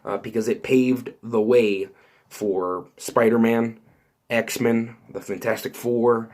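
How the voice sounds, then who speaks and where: Male channel host, mid-range voice, excitable and rambling, heavy on fillers. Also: mid-range voice, takes it slowly. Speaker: YouTube host. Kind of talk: excited casual vlog commentary.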